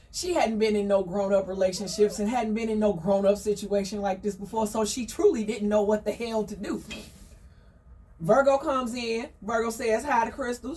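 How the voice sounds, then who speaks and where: A woman telling a story in a chatty, slangy, gossipy way, full of animated asides. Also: medium pitch, far from the mic.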